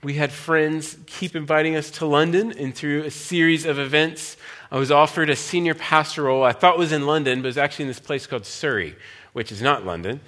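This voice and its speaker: A man in his thirties, a pastor and missionary, telling a personal testimony to a church with a relaxed, chatty delivery full of fillers and restarts. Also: on the high side, a little fast. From United States. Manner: conversational storytelling, frequent fillers and restarts.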